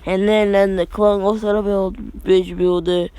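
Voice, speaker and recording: A man's voice: sits high, level tone, moderate pace, warm tone, smooth, no room sound. A young man casually retelling an anime fan story, rambling with many fillers and restarts.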